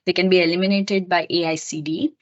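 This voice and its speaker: A woman's voice: on the low side, steady tone, fairly quick, dull audio. A woman giving a recorded lecture, explaining step by step with many fillers and self-corrections.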